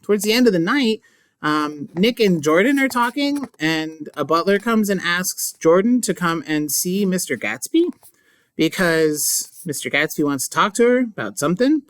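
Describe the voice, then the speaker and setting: With a medium-pitched, expressive voice at a moderate pace, an English teacher casually walks through a book chapter in a chatty recap. Playful remarks and asides keep cropping up, delivered in a mock-dramatic way. There is no echo.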